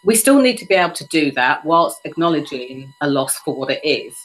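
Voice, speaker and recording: Female podcast host, slightly low pitch, reflective storyteller. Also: animated, brisk, poor audio. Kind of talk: conversational interview.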